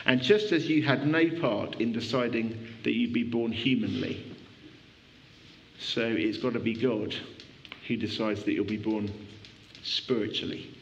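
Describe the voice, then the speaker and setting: Chatty preacher, dull lo-fi sound. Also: male voice, mid-range voice, unhurried, slight background noise. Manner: conversational, animated, with frequent restarts. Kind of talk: sermon. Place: church.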